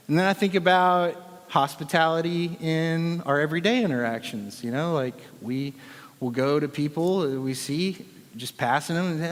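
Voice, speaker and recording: A man's voice: on the high side, moderate pace, long reverb tail. A man, a worship leader, giving a casual, joking sermon talk full of fillers. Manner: chatty, joking, with many fillers.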